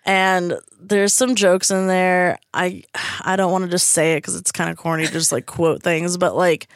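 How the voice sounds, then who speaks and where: A young woman co-hosting a podcast in casual chat, excitable and laughing often as she acts out quotes. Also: lowish voice, moderate pace, no room sound, studio quality. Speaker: podcast co-host. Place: recording studio. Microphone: studio mic.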